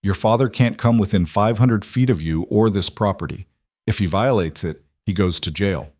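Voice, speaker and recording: A man voicing a steady, protective husband who speaks calmly and reassuringly. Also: lowish voice, moderate pace, no echo, clean studio sound, close to an everyday voice. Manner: calm, reassuring.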